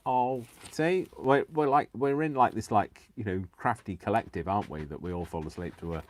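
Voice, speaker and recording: A man's voice: on the low side, normal speed. A man hosting a crafting livestream, chatting in a rambling, giggly, self-deprecating way. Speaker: craft channel host. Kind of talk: casual livestream chat while crafting.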